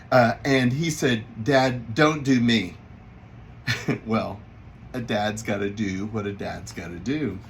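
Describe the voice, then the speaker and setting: A man, a children's picture book author, telling a story about his own family in a casual, animated way and laughing often. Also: medium pitch, slight background noise.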